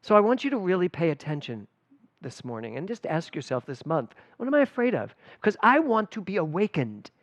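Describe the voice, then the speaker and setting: A middle-aged man, a spiritual director, giving a conversational sermon at a church service, telling personal stories with lively emphasis. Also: on the high side, a little fast, dry recording, highs cut off. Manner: animated and personal, storytelling with emphatic swings.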